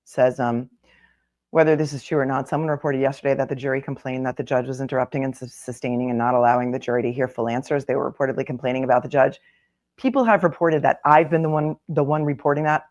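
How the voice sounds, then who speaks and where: A middle-aged woman attorney hosts a live-stream, her voice extremely low-pitched and a little mellow. She reads a newspaper column aloud, breaking off between passages for wry, chatty asides.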